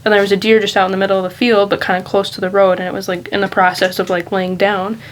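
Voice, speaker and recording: Speaking candidly at an ordinary middle pitch, a woman vlogs in a loose, rambling way, thinking aloud in a casual, reflective monologue. Her delivery is flat and quick, and the low-quality recording has a faint hiss beneath her voice.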